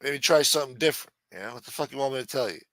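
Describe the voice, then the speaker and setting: A middle-aged man rants bluntly, swearing at every turn, his voice bright and forceful. The sound is dry and close with no room around it. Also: mid-range voice, animated, racing, dry recording. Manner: blunt, heated, swears constantly. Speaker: live-stream host. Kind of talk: profane ranting monologue.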